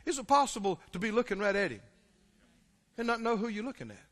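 A man preaching a sermon, emphatic and calling out to his congregation, swinging between hushed and shouted lines. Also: high-pitched, sing-song, fast. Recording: long hall reverb.

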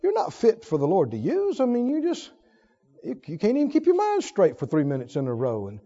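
A male preacher with a high, lively voice that leaps up and drops low. He repeats his key lines for emphasis and moves from loud exhortations to hushed asides. The recording is dull and lo-fi. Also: a little fast. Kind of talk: sermon.

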